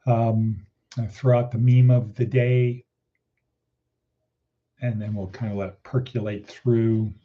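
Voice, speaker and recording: A man's voice: lowish voice, little pitch movement, slow pace, long pauses, dull audio. A man hosting his daily morning podcast in a rambling, casual way, repeating phrases for emphasis. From Nevada. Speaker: podcast host.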